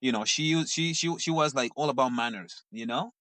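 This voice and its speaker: A middle-aged man from Mozambique, a guest telling animated stories in casual conversation and acting out what his family said. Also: medium pitch, brisk, no room sound. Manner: animated storyteller who acts out quoted family members. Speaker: guest, dancer.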